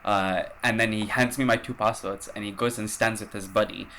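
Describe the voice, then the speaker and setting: A man's voice: lowish voice, fairly even intonation, fairly quick, pushed and bright, a little hiss or hum. A man hosting a podcast, telling a travel story in a rambling, casual way, swearing and using lots of fillers. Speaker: podcast host.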